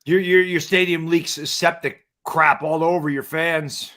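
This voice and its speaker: A man in his forties co-hosting a live sports stream, loudly trash-talking and teasing. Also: fairly high pitch, fairly even intonation, measured pace. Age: 40s. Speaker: co-host.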